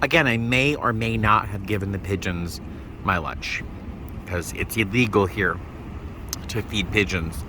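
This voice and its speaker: A man chatting excitedly to his phone camera in a casual travel vlog, self-deprecating and talkative. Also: on the low side, unhurried, noisy background. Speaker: flight attendant vlogger.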